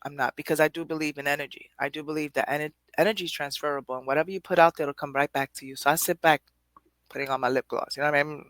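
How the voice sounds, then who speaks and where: A woman's voice: sits low, fairly even intonation, racing, fairly bright tone, no room sound. A woman hosting a poetry show, giving a rambling, conversational motivational talk straight to her audience with frequent laughter. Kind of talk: motivational monologue.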